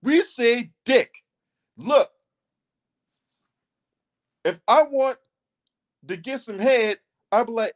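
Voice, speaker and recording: A man delivers a heated commentary on his own channel in a high voice. His pitch swings widely as he presses his points. He swears freely and repeats lines for emphasis. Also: expressive, slow pace, long pauses. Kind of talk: ranting commentary.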